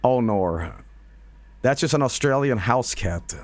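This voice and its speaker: A man's voice: mid-range voice, animated, slow pace, no echo. A man streaming and reacting to videos in casual commentary, rambling with fillers, laughing and swearing.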